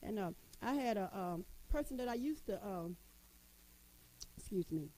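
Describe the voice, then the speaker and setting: A woman's voice: mid-range voice, lively intonation, moderate pace, warm tone, slight background noise, low-quality recording. A middle-aged woman giving a motivational talk to women, folksy and emphatic, repeating her points and calling listeners honey. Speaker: motivational speaker addressing women.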